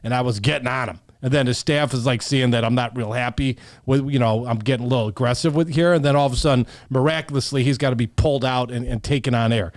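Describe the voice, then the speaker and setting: A man, a mortgage professional on a talk show, telling an animated story with emphatic repeats. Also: medium pitch, fast talker, few pauses, no echo, studio quality. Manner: emphatic, repeats himself, acts out quotes.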